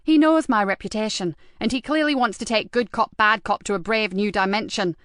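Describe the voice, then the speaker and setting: A woman's voice: medium pitch, fairly quick, fairly bright tone, dry recording, studio quality, close to an everyday voice. A woman reading an audiobook, voicing a sarcastic, defiant female detective inspector with a raised, emphatic delivery. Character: hard-drinking, sardonic female detective inspector. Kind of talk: audiobook character voice.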